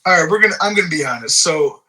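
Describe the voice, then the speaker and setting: A man's voice: on the high side, animated, fast talker, pushed and bright, rough recording. A young man chatting casually while booking a wrestling sim game, loose and laughing, swearing often. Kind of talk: casual gaming chat.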